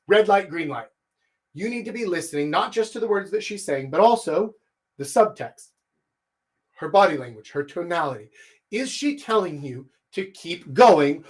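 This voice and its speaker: A man in a somewhat high register runs a live coaching session, talking straight to his viewers. He keeps it animated, pushing his voice up and down and speeding up or slowing down to show what he means, with plenty of rhetorical questions along the way. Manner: animated, shifts pitch and speed to demonstrate. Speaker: dating coach. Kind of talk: livestreamed coaching lecture.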